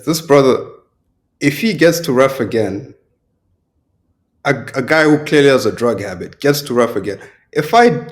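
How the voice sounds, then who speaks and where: A man's voice: mid-range voice, a little mellow. Indignant man with swooping intonation. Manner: indignant, emphatic rhetorical questions. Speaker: podcast co-host. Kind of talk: casual chat.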